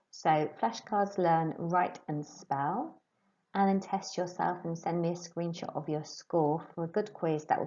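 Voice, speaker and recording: A woman teaching a French lesson to pupils, slowly and clearly modelling phrases for them to repeat. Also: fairly low pitch, warm tone, dull audio. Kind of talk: recorded remote lesson.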